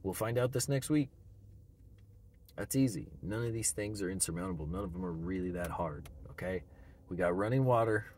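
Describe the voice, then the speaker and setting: A man's voice: low-pitched, normal speed, darkish tone, slight background noise. Chuckling man giving himself a pep talk. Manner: reflective, self-reassuring, chuckles often. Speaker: vlogger. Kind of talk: personal self-pep talk.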